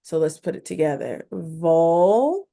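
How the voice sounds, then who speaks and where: A woman's voice: medium pitch, lively intonation, darkish tone. A woman teaching a phonics lesson on video, speaking directly to her learners, sounding out each syllable and encouraging them along. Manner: slow, instructive, sounding out syllables.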